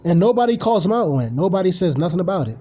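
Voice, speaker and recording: A man's voice: high voice, big pitch swings, rapid-fire, mellow, a little hiss or hum. A man ranting casually on a live stream, blunt, profane and rambling.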